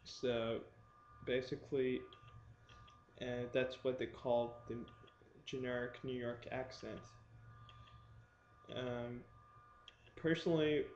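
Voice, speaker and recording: A man's voice: mid-range voice, a little mellow, a little hiss or hum. A man casually explaining things to his webcam, hesitant and full of ums and restarts. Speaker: vlogger. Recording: roomy, dull lo-fi webcam recording.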